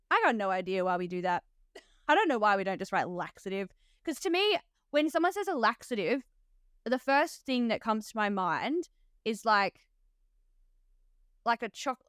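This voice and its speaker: A woman's voice: fairly high pitch, a bit bright, clean tone, no room sound, studio quality. A woman with an Australian accent hosting a podcast as a nurse, chatty and laughing often, with lots of "like". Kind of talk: casual podcast chat.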